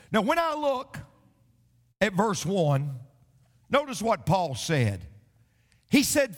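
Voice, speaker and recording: A male pastor delivers a sermon in a high, animated voice that leaps around in pitch. He mixes jokey stories with scripture and stumbles into the odd restart. The sound carries a long reverb from a church sanctuary. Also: takes it slowly, pauses often. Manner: storytelling preacher mixing jokes with scripture, animated delivery; occasional stammering restarts.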